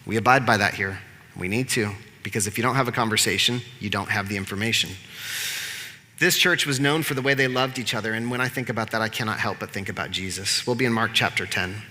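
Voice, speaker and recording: Male pastor, animated and wry, sharp tone, echoing sanctuary. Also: medium pitch, quick pace. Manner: animated, conversational storytelling with humor. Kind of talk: sermon. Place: church sanctuary.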